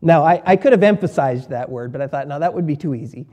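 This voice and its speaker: A man preaching a sermon as pastor, emphatic, repeating key words and swinging between quiet and loud. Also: on the high side, lively intonation, fast talker.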